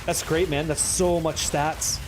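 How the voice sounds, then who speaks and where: Dude streaming, pretty high voice, hyped and cussing, talking to chat nonstop. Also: male voice, measured pace, background noise. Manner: excitable, profane, bantering with chat. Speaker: game streamer. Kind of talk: live gameplay commentary chatting with viewers.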